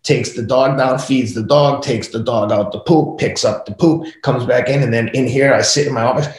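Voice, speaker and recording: Animated middle-aged man telling family stories. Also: mid-range voice, normal speed. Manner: animated, acts out family dialogue. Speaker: podcast guest. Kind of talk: casual storytelling interview. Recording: echoey room.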